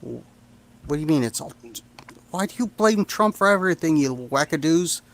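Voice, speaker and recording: A man's voice: a little high, animated, moderate pace, a bit bright. A man bantering on a stream, mocking and laughing at his own jokes. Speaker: stream guest.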